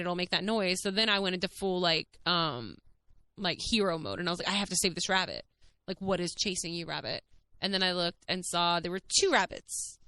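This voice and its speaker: A woman hosting her own podcast, telling a rambling story in a chatty, animated way. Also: fairly low pitch, clean tone. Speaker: podcast host. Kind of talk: casual storytelling monologue.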